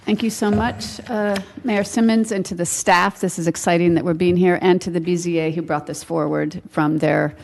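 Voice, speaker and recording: A woman city councilor giving measured, appreciative remarks in a council meeting. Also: fairly low pitch, fairly even intonation, gravelly, a little mellow. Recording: echoey council chamber.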